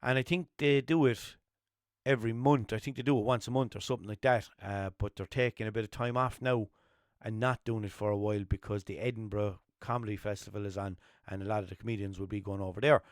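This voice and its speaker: A young man with a Limerick Irish accent hosting a solo podcast, rambling and swearing through jokey stories and putting on high voices for the people in them. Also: fairly even intonation, fast talker, no echo, clean studio sound. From Ireland. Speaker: podcast host. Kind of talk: casual solo podcast chat.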